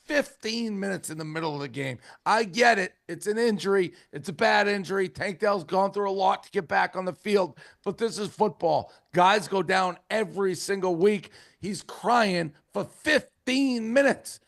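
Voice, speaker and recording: Brash gravelly-voiced male host. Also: high voice, normal speed, hardly any pauses, fairly bright tone. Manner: brash, sarcastic commentary. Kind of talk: sports talk show.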